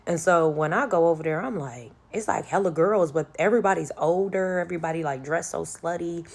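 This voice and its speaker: A woman's voice: lowish voice, fairly quick, darkish tone. Storyteller: woman; casual, slangy, acts out the quotes. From Chicago.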